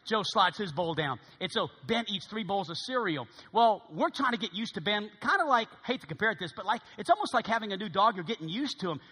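A man preaching in an animated storytelling style, acting out the voices of the people in his story. His voice is high and bright with a slightly husky edge, and it rings out with a long echo in a big hall. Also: fast, hardly any pauses. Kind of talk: sermon storytelling.

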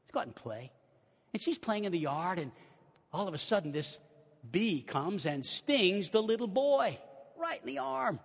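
An older man preaching a sermon in old-timey style, moving between hushed storytelling and shouted exclamations. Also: sits high, sing-song, normal speed, vocal fry, husky. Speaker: pastor. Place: church sanctuary. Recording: long reverb of a large church hall.

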